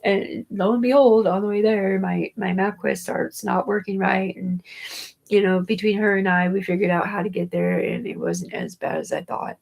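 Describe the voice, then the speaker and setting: A woman's voice: medium pitch, lively intonation, normal speed, vocal fry, a little mellow, low-quality recording. A woman telling a rambling personal story about her daughter, full of fillers, restarts, casual swearing and laughs. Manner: chatty and digressive, with frequent fillers and restarts.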